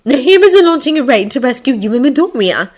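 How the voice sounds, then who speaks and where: A woman doing a soft-spoken teenage girl. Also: sits high, sing-song, fast, pitched above the performer's own voice. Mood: uneasy. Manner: murmuring, shaken.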